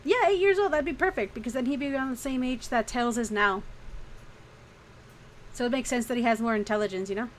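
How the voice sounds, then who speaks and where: Woman streamer, higher voice, casual and frank, swears freely. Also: a little fast, a little hiss or hum. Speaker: streaming artist. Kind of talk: casual chat during a drawing stream.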